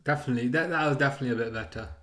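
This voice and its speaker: A man's voice: medium pitch, racing, fairly bright tone. A man hosting a live football watchalong, chatting casually, rambling and chuckling as he reads out chat messages.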